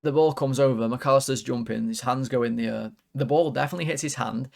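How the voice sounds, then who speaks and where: A man's voice: mid-range voice, fast, creaky, few pauses, darkish tone. A man hosting a fan channel, rating players in a casual, rambling, exasperated way with lots of fillers.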